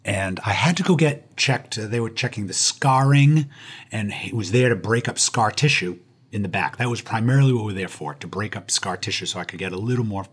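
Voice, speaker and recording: A man with a husky voice sits in as an interview guest and tells his own story with humor. His voice sits on the low side, and he lands his punchlines with self-mocking timing. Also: fairly quick. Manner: self-deprecating, punchline delivery.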